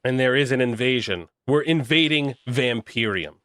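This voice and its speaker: A man's voice: mid-range voice, animated, normal speed, fairly bright tone, no echo, clean studio sound. Joking, rambling young man on stream. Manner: rambling, crude and joking, reacting to chat. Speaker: livestreamer reading chat. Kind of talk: casual live-stream chat.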